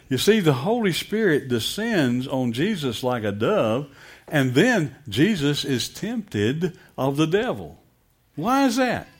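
A man's voice: mid-range voice, breathy edge. A middle-aged pastor preaching a sermon, emphatic and asking his congregation direct questions.

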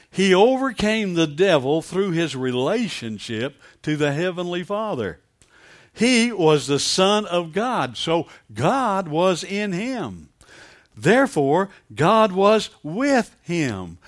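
A man preaching a sermon, calling on the congregation for amens and building to emphatic peaks. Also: fairly high pitch. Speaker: pastor.

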